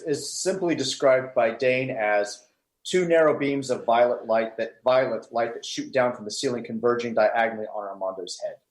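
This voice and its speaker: A man co-hosting a podcast in casual chat, explaining his points in careful detail with a few restarts. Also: medium pitch. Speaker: podcast co-host. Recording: roomy, echoey room sound.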